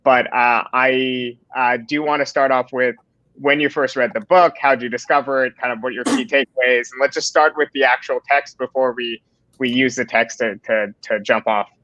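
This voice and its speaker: A man's voice: medium pitch, steady tone, normal speed, pushed and bright, dry recording, highs cut off. A man hosting a panel discussion, talking casually with frequent fillers and restarts. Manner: hesitant, many fillers and restarts. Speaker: host and moderator.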